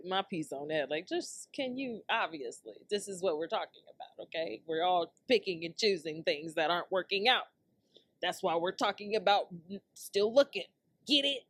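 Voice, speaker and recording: A woman's voice: fairly low pitch, no echo. Woman doing a solo podcast rant, slangy AAVE, laughs a lot, dry close mic. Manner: chatty, laughs often, slangy and animated. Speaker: podcast host.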